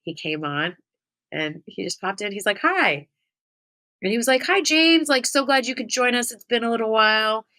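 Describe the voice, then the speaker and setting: A woman podcast host and spiritual medium telling a story in a casual, chatty way, with lots of "like" and giggles. Her voice jumps up high when she gets excited. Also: normal speed. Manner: chatty, giggly, heavy use of "like".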